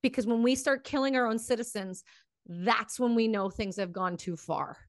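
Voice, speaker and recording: A woman's voice: fairly high pitch, normal speed, no room sound, studio quality. A woman hosting a podcast who speaks with fiery, emotional passion and swears freely before turning to interview her guest. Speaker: podcast host. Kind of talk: impassioned commentary and interview.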